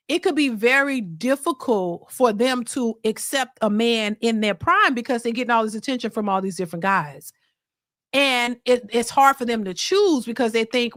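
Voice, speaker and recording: A woman commentator chatting casually to her viewers in an animated, slangy way, talking straight to them. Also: a little high, no echo, clean studio sound. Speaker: YouTube commentator.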